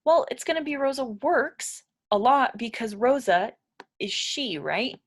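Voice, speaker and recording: A woman's voice: a little high, lively intonation, measured pace, breathy edge. A woman teaching an English grammar lesson, who explains step by step and puts questions to her learners.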